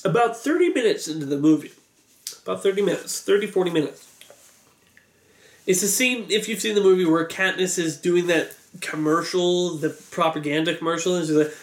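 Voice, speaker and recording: A man's voice: sits high, a little fast. Exasperated man telling a story, echoey room. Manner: exasperated, acts out crowd yelling. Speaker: vlogger. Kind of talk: animated storytelling rant.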